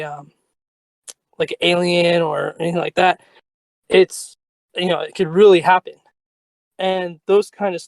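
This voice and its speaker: A man's voice: sits high, dry recording. A man calling in to a podcast, talking casually and hesitantly with fillers and light laughs. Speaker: caller. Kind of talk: casual chat on a call-in show.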